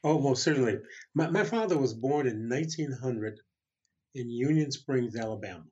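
An older man spins a long story as an interview guest, chuckling as he goes and slipping into the voices of the people he quotes. His voice has a husky edge. The recording sounds somewhat dull and lo-fi. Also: medium pitch, expressive, normal speed, mellow. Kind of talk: storytelling in a conversation.

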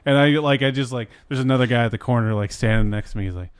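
A man's voice: medium pitch, very fast, smooth, no room sound, clean studio sound. Rambling young man telling a story. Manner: rambling, heavy 'like' fillers, swears, acts out voices in his story. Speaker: storyteller in casual chat. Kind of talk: casual chat.

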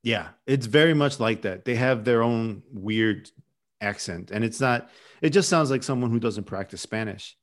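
A man's voice: mid-range voice, moderate pace. A man hosting a podcast, telling stories in a rambling, chatty way with lots of restarts. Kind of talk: casual chat.

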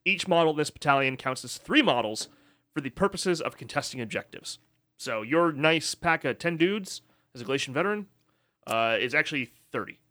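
A man's voice: fairly high pitch, lively intonation, a little fast, sharp tone. A man in casual podcast chat, laid back, explaining tabletop game rules plainly. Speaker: podcast co-host.

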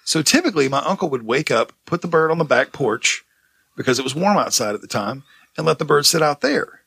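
A man's voice: a little high, lively intonation, a little fast, creaky, fairly bright tone, husky, dry recording. A man co-hosting a casual chat, telling rambling stories full of swearing and laughter. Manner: rambling anecdotes, heavy swearing, frequent laughter.

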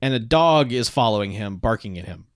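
A man co-hosting a casual podcast, recapping a movie in an animated way and laughing often. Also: lowish voice, brisk, no room sound, studio quality. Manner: animated storyteller, acts out bits, laughs often. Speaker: podcast co-host.

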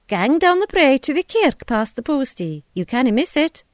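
A woman's voice: high-pitched, very animated, normal speed, no echo, clean studio sound, pitched above the performer's own voice. A woman voicing a small, round, cheerful tea shop woman with a Scottish accent in a storybook reading. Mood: hearty. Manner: bright, hearty, dialect-rich.

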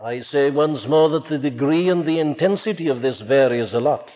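A man's voice: on the high side, fairly quick. Male preacher, impassioned old-style sermon, long church reverb. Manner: fervent, rising and falling preaching with solemn hushed passages. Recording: old lo-fi phone-band recording in a reverberant hall.

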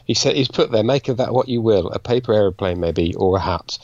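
A British man co-hosting a podcast, easygoing and quick to laugh. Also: on the low side, a little mellow, dry recording, muffled recording. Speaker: podcast co-host. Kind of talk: casual chat.

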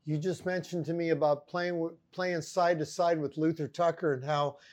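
A man hosting an interview, encouraging his guest with quick affirmations and laughter. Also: fairly high pitch, steady tone, a little mellow. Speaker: interviewer host. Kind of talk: interview conversation.

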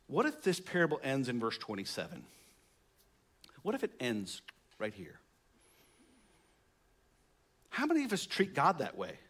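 A man's voice: a little high, fairly bright tone. A man preaching in a slightly raised voice. He reads scripture, then talks it through conversationally, pushing key words upward for emphasis. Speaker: pastor. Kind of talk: sermon.

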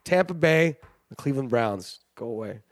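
A man's voice: mid-range voice, expressive, moderate pace, no echo. A man hosting a sports show, rambling and joking in casual commentary, often laughing. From Canada. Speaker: sports podcast host.

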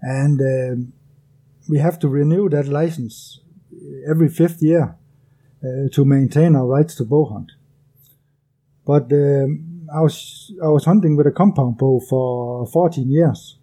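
A man's voice: on the high side, measured pace, mellow, breathy edge. A man from Denmark with a Danish accent, speaking English as a second language as an interview guest, hesitant and careful with many fillers. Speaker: guest, bow hunter. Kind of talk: casual interview.

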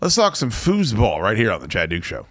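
A man's voice: on the low side, wildly swooping pitch, a little fast, a bit bright, slight background noise. A man hosting a sports talk podcast, casually rambling and joking, with lots of fillers and restarts. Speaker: podcast host.

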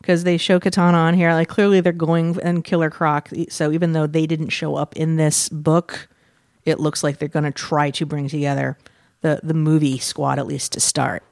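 A man co-hosting a casual comic book podcast, curious and quick with asides. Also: a little high, little pitch movement, creaky, no room sound, studio quality. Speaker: podcast co-host.

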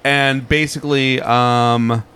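A man's voice: mid-range voice, fairly even intonation, takes it slowly, pushed and bright, clean tone. A man telling a story in casual podcast chat, rambling and full of fillers like "like" and "um". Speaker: podcast co-host.

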